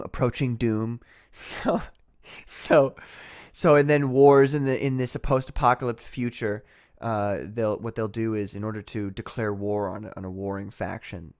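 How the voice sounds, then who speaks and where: A man hosting a casual livestream, rambling and sarcastic, often breaking into laughter. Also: medium pitch. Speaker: livestream host.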